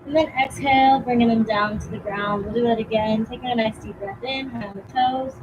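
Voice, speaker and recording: A young woman teaching a yoga class outdoors, giving calm, encouraging cues with casual fillers, a bit out of breath. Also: fairly high pitch, a little fast, muffled recording, background noise. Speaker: yoga instructor. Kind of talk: guided yoga class instruction.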